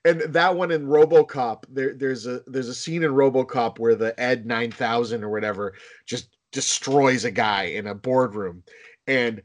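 A man chatting on a podcast, spinning film stories with lively energy. He jumps from one aside to the next as he talks. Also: medium pitch. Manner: animated storyteller, quick asides. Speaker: podcast co-host. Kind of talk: casual chat.

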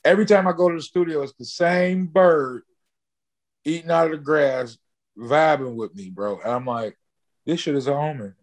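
A man in an interview, casually telling a long story, swearing freely and jumping high in pitch when he acts out what people said. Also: moderate pace. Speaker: interview guest, musician.

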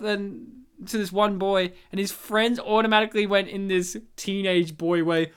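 A woman's voice: mid-range voice, fairly even intonation, normal speed, few pauses, smooth. A woman co-hosting a podcast, chatting casually about a film, laughing often and telling anecdotes. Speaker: podcast co-host. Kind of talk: casual chat reviewing a film.

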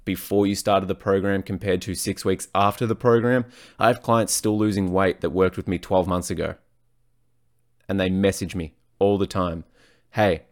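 A man, a fitness coach, talking alone on his podcast in a blunt, profane, rambling way. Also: low voice. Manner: blunt and profane, frequent swearing; rambling, self-correcting, off on tangents. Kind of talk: solo podcast monologue.

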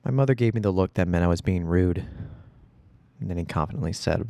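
A man reading a first-person story aloud in a steady storytelling voice. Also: low-pitched, fairly quick, creaky, no echo. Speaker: audiobook reader.

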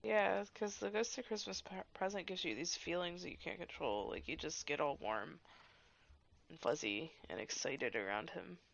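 A woman's voice: fairly low pitch, moderate pace, gravelly, dull audio. A young woman co-hosting a podcast, gushing and joking wryly as she watches a movie. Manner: gushing and wry, lively swings. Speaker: podcast co-host. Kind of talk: casual movie watch-along chat.

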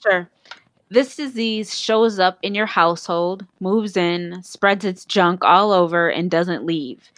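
Brief: woman host, lowish voice, slow deliberate read, dry close sound. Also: fairly bright tone, no room sound. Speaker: podcast host. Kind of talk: reading a quote aloud.

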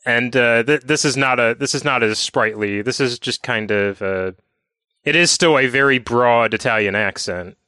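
A man co-hosting a podcast, chatting casually and telling anecdotes in a measured, explaining way. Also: medium pitch, bright, forceful tone, clear, resonant tone, no echo. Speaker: podcast co-host.

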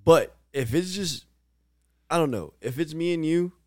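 A man's voice: fairly high pitch, animated, a little slow, no echo, studio quality. A young man in casual podcast chat, blunt and profane, telling fight stories. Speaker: podcast co-host.

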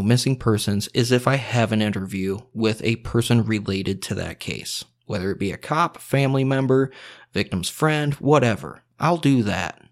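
A man hosting a podcast, talking bluntly in a heated, profane, unscripted rant. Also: medium pitch. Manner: heated, blunt and swearing constantly. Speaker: podcast host.

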